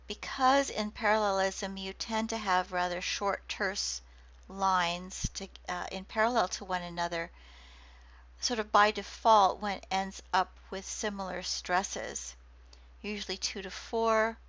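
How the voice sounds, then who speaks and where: A woman giving a recorded lecture on poetry, speaking deliberately and reading quoted verse slowly. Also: medium pitch, a bit bright, no room sound. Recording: dull lo-fi dry recording.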